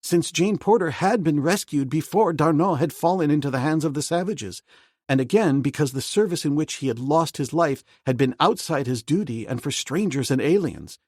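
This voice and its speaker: A man reading a novel aloud as an audiobook narrator, in a steady, measured way. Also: fairly high pitch, no room sound, studio quality.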